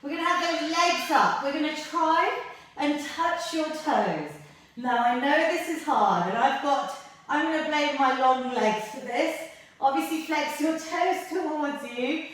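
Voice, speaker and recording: A woman's voice: sits high, expressive, unhurried. Breathless, encouraging woman fitness instructor, echoey. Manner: encouraging, coaching through exercises. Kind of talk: workout class instruction. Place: exercise space, on a mat. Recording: echoey room, voice from far off mic.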